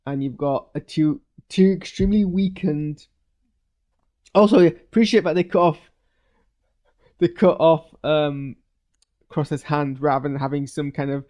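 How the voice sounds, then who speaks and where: A man's voice: fairly high pitch, mellow. A man giving a rambling, casual live reaction to a show's finale, full of fillers and restarts. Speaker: show reviewer.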